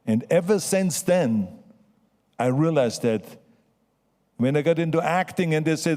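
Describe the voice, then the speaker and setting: A man's voice: on the high side, lively intonation, unhurried, long pauses, dark tone. A man in his seventies with a foreign accent giving an emphatic motivational acceptance speech, repeating his key phrases. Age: 70s. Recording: long hall reverb.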